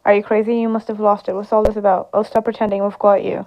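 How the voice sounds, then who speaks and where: A woman's voice: mid-range voice, little pitch movement, quick pace. A woman playing an interactive story game and reading its dialogue aloud, giving every character her own voice. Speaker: gameplay streamer. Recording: slightly dull lo-fi sound.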